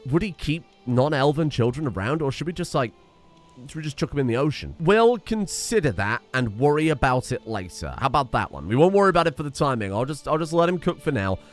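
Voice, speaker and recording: Young guy doing game commentary, dry sarcastic jokes, voice bounces up and down a lot, reads the text out loud. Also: fairly high pitch, very animated, fairly quick, soft background music. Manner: wry, sarcastic asides while reading game text aloud. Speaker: game streamer. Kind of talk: let's-play commentary.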